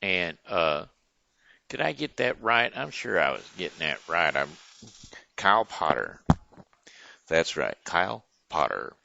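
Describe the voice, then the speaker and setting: A man hosting his own casual home video show, talking in a folksy, animated way and stumbling over names, recorded at home near his front door. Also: deep voice, a little slow, creaky, pauses often, dry recording, highs cut off. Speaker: host.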